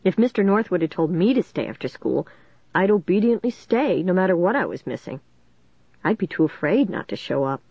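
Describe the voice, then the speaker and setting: Lower-voiced woman reading a storybook. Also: big pitch swings, brisk, gravelly, husky, no room sound. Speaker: audiobook narrator. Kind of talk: first-person storybook narration. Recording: dull, dry lo-fi recording.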